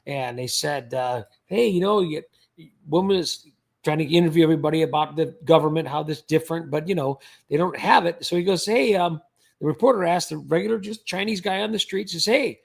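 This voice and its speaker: A man's voice: fairly high pitch, fairly quick, gravelly. A man hosting a livestream, chatting casually in a rambling way with frequent restarts. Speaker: livestream host.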